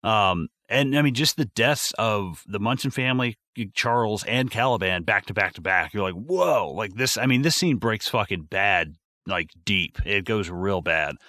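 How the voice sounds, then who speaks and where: A man co-hosting a podcast, recapping a movie in casual chat, excitable and profane, with lots of fillers. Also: on the low side, normal speed, no room sound, clean studio sound. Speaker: podcast co-host.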